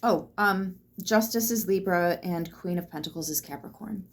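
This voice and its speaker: A woman's voice: fairly low pitch, moderate pace, a little hiss or hum. A woman giving a casual tarot reading, chatty and reassuring, swearing freely as she talks straight to the viewer. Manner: loose and chatty, swears freely, lots of fillers; reassuring, speaks straight to the listener. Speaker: tarot reader.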